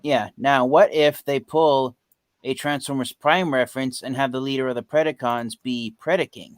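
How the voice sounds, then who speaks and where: A man co-hosting a live stream, chatting in a relaxed way and often answering with short agreeing sounds. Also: mid-range voice, normal speed, no room sound. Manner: relaxed, with frequent short backchannel replies. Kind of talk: casual fan chat.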